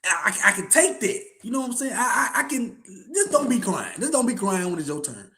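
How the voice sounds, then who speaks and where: A man's voice: high-pitched, big pitch swings, brisk, bright, forceful tone. A man hosting a casual sports podcast, ranting in slangy talk and repeating himself. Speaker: podcast host.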